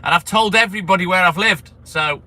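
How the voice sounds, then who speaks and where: High-voiced milkman chatting from his van. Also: a little fast, bright, forceful tone. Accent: light Scouse tinge. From English Midlands. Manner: chatty, answers viewers by name. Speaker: milkman livestreamer. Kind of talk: casual live-stream chat. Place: inside a delivery van on his round. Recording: vehicle and street noise. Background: engine and traffic noise.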